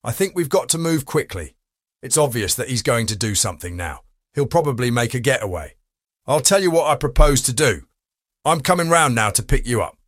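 A man's voice: mid-range voice, a bit bright, no room sound, clean studio sound, pitched above the performer's own voice. A man reading an audiobook, voicing a cool, wry private detective who speaks in a clipped, confident way.

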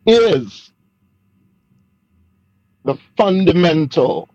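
A man on a panel discussion who speaks in a measured, emphatic way. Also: a little high, sing-song, a little mellow, dry recording. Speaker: panel guest. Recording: dull dry lo-fi sound.

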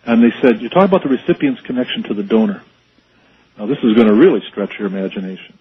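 A man's voice: on the low side, lively intonation, quick pace, husky, narrow, tinny audio. A man being interviewed as a guest expert on a radio show, explaining ideas earnestly.

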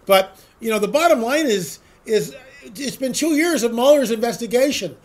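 High-voiced sarcastic man ranting. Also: animated, normal speed. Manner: rambling and sarcastic, repeats words for emphasis; rhetorical questions. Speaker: political commentary host. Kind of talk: opinionated solo monologue.

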